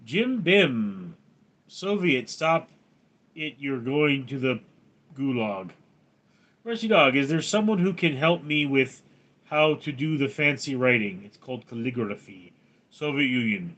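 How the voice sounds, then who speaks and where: A man's voice: mid-range voice, lively intonation, unhurried, long pauses, a bit bright. A man hosting a livestream, reading viewers' names and questions aloud and answering them with jokes. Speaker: livestream host. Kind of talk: casual livestream chat reading.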